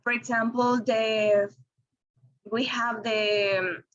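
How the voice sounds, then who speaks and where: Slow, careful woman presenting a lesson. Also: on the high side, steady tone, muffled recording. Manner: slow and careful, with frequent ums and restarts. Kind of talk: reading a class presentation.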